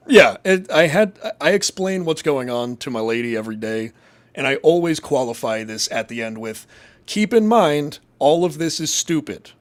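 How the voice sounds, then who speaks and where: A man from Massachusetts hosting a casual live show, reading chat and rambling in a crude, profane, jokey way. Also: medium pitch.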